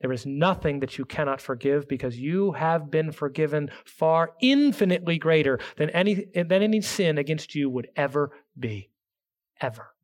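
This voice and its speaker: A pastor preaching a sermon with earnest emphasis, reading scripture aloud and dropping to a hushed tone for key points. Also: male voice, a little high, lively intonation, moderate pace.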